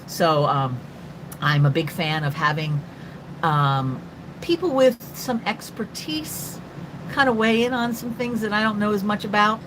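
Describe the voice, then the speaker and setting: With noise in the background, an older artist from North Carolina, USA, talks in a mid-range voice on her casual, rambling live stream. She says hello to viewers by name and is quick and talkative after coffee.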